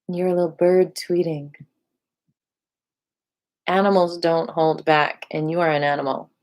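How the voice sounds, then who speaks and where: A woman guiding a livestreamed qigong class, speaking slowly and soothingly with gentle affirmations. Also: sits low, little pitch movement. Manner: soothing, slow, affirming guidance with sudden loud bursts. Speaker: qigong and voice teacher.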